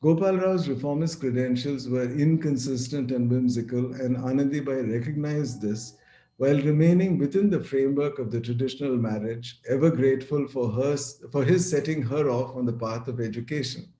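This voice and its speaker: A man delivers an academic talk over a video call, his voice dark and mellow. He reads measured passages with small restarts, and the room around him echoes noticeably. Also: mid-range voice. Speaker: lecturer. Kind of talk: academic lecture, partly read.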